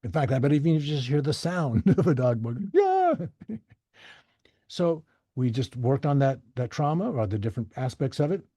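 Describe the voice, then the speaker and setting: A man talks with a dark, husky tone in a dry, close sound. He tells stories casually and animatedly, jumping high to act out the people he quotes. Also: brisk, no room sound. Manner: animated, acts out quoted voices. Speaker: podcast guest. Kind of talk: casual storytelling.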